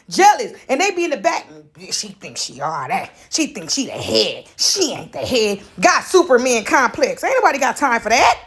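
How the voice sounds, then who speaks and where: High-voiced animated woman storyteller. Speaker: preacher storyteller. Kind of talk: casual spiritual testimony.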